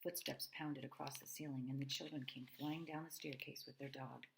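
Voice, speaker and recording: A woman reading a children's novel aloud, expressive, with asides to her listeners. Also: a bass voice, normal speed, gravelly, noisy background. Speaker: reader.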